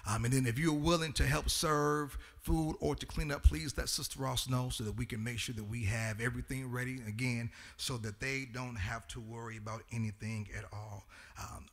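A man pastor addressing his congregation, with many "um" fillers, swelling into a sing-song preaching cadence. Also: medium pitch. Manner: frequent "um" fillers. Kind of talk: church announcements and sermon.

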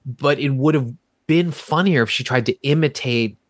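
A man's voice: mid-range voice, moderate pace, no room sound, clean studio sound. A man co-hosting a podcast, retelling movie scenes in a rambling, exasperated way. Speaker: podcast co-host. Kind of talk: casual movie review chat.

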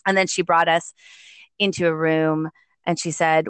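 Middle-aged woman, lowish voice, dry close sound; animated storyteller. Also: moderate pace, clean tone, no echo. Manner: animated, acts out quoted voices, laughs often. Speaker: guest, parent. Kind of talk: conversational storytelling.

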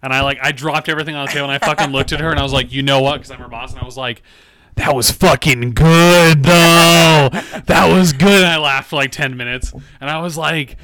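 A man co-hosting a podcast in casual chat, profane and quick to laugh at his own stories. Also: medium pitch, fairly even intonation, bright, forceful tone. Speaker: podcast co-host.

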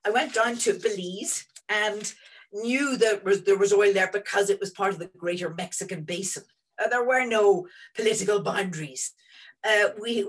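A woman in her sixties, a guest telling students about her career in an animated, rambling way from home over a video call. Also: medium pitch, poor audio. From Northern Ireland. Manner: animated and rambling, many restarts. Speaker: interview guest, energy executive. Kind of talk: reflective storytelling to students.

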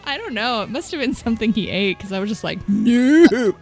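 A woman's voice: a little high, big pitch swings, fast, soft background music. A woman in casual chat, joking and candid and laughing often.

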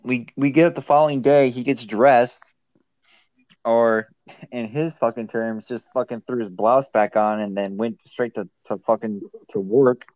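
A man's voice: mid-range voice, steady tone, a little slow, darkish tone, no echo, lo-fi sound. A man recalling stories as a guest in a casual chat, swearing casually and laughing as he talks. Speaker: podcast guest.

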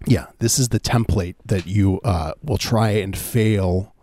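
Man, deep voice, mock-sincere comic co-host who rambles and restarts. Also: warm tone. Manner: mock-earnest, rambling, halting. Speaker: podcast co-host. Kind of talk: casual comedic banter.

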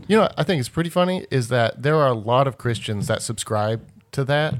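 A man's voice: medium pitch, lively intonation, brisk. A man co-hosting a casual group chat, telling anecdotes and acting out the lines of the people in them. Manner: storytelling, acts out quoted speech. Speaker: podcast co-host.

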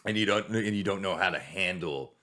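A man's voice: low-pitched, brisk, sharp tone. A man who is a military veteran, talking candidly in a casual podcast conversation, rambling with many restarts and swearing.

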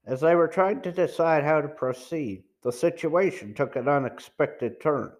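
A man's voice: fairly high pitch, moderate pace. A man reading a novel aloud as an amateur audiobook narrator, careful with small stumbles. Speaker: audiobook reader.

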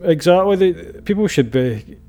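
A man's voice: a little high, lively intonation, moderate pace, crowd noise. A Scottish man chatting casually, earnest and a bit rambling as he makes his point. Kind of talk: casual banter.

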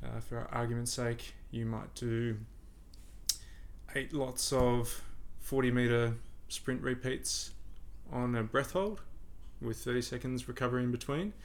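A man, a podcast guest and breathing coach, explaining in a relaxed conversational way and often repeating words as he thinks. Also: mid-range voice, a little slow, creaky.

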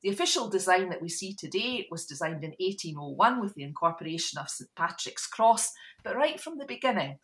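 A Scottish woman co-hosting a podcast, explaining history in a lively, informative way. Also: on the low side, fairly quick. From Scotland. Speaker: podcast co-host. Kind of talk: explanatory casual chat.

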